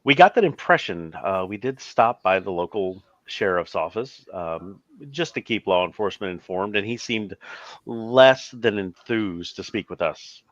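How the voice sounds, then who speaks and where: A man's voice: on the low side, expressive, measured pace, dry recording, lo-fi sound. A man playing his character in a tabletop game, speaking formally and narrating his own actions. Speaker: player. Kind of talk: in-character tabletop role-play.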